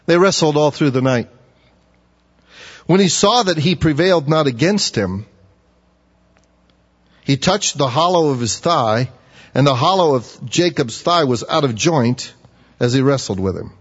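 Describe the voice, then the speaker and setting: A man preaching a sermon, asking his listeners questions and getting animated when he acts out a pleading voice. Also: a little slow, pauses often, slightly rough. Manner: animated, rising high when acting out pleading; asks the audience questions. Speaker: pastor. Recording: dull, echoey hall.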